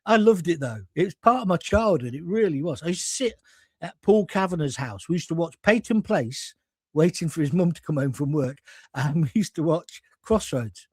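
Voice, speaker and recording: Middle-aged male host, animated raconteur, bright high pitch, dry close sound. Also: moderate pace, breathy edge, no echo. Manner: chatty, animated storyteller. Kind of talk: live show anecdote chat.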